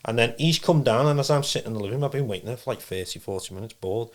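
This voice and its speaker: A man's voice: medium pitch, racing. A man, a trance medium guest, telling a rambling personal story in a casual interview. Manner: rambling, animated storytelling with acted-out quotes.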